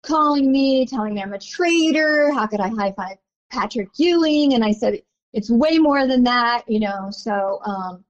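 A woman's voice: a little high, animated, a little slow. An older woman, a longtime basketball season ticket holder, telling stories in a casual interview in a rambling, chatty way full of "you know". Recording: dull lo-fi audio.

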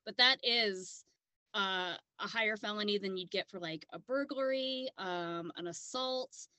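A woman's voice: mid-range voice, measured pace, bright, forceful tone, no room sound. A woman from South Dakota co-hosting a podcast, chatting casually in a blunt, profane way and laughing easily. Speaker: podcast co-host. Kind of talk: casual chat.

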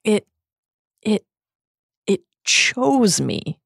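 A woman's voice: medium pitch, sing-song, drawn-out words, creaky, no echo, studio quality, voice pushed up, heavily acted. A woman voicing a terrified accused woman who is crying and stammering through sobs. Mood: sobbing. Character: terrified sobbing woman on trial.

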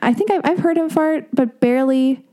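A woman's voice: high voice, moderate pace, warm tone. A woman hosting a podcast, chatting candidly and rambling through embarrassing stories with self-deprecating humor. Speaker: podcast host. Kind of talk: casual podcast chat.

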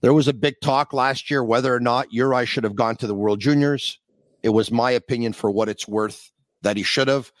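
A man hosts a sports podcast from his basement, his voice close and dry with no room echo. He talks in a relaxed, conversational way and builds up to his questions. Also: medium pitch, a little fast. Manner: conversational, sets up questions in long lead-ins. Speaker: podcast host. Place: home basement.

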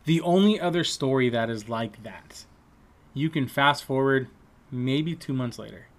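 A man's voice: medium pitch, measured pace. Man telling a rowdy story. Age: adult trade-school student. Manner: animated, profane, acts out other people's lines. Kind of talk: casual storytelling.

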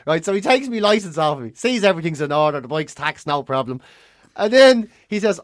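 Fast, lively ranting Irish man. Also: high-pitched, dry recording, studio quality. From Ireland. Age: 40s. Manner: ranty, swearing, acts out quotes. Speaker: podcast co-host. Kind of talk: casual chat.

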